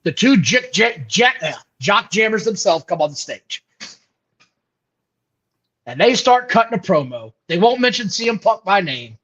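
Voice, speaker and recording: High-voiced man recapping, dull lo-fi sound. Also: big pitch swings, normal speed, a bit bright, slightly rough. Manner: dismissive play-by-play recapping. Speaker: podcast co-host. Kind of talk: casual wrestling podcast chat. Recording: dull lo-fi audio.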